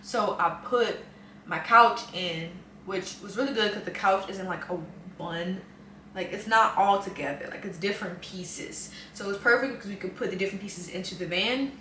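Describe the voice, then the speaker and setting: Young woman, animated storytime, sharp voice, roomy echo, faint hum. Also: mid-range voice, moderate pace. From New Orleans, USA. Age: 20s. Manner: animated, chatty, dramatic retelling. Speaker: vlogger. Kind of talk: casual storytime. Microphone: camera mic.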